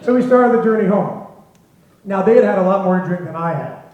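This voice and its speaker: A man telling a lively anecdote to a live audience, chuckling as he goes, recorded in a very echoey hall with dull sound. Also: high voice, fairly quick. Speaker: storyteller at a symposium.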